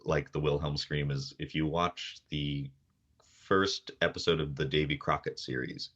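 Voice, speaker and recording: A man with a very deep, husky voice talks casually as a podcast guest. He rambles with plenty of fillers and laughs. He is on a call from his kitchen. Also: steady tone, measured pace, a bit bright, dull audio. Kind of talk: casual chat. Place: home, talking from the kitchen. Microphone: table mic on a video call.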